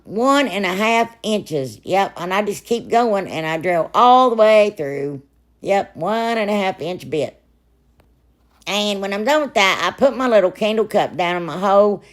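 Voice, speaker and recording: A woman, hoarse and froggy from a sore throat, narrating a crafting video in a rambling, chatty way with lots of asides. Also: mid-range voice. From Ohio, US. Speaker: crafting channel host. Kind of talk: casual DIY voice-over narration.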